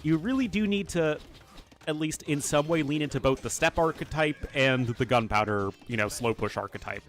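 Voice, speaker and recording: A man's voice: a little high, normal speed, a bit bright, soft background music. A man casting a strategy game match live, chatty and rambling, talking straight to his chat. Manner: chatty, rambling asides, talks to chat directly. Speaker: game caster and streamer. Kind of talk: casual live esports commentary.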